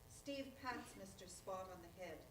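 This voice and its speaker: A woman reading stage directions aloud at a live play reading, in a plain, measured way. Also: medium pitch, lively intonation, a bit bright, slight background noise. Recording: echoey room, voice far from the mic.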